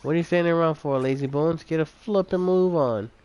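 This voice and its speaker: A man's voice: a little high, fairly quick, darkish tone, lo-fi sound, a little hiss or hum, close to an everyday voice. A man voicing a cheeky male fairy companion in a game, brash and teasing.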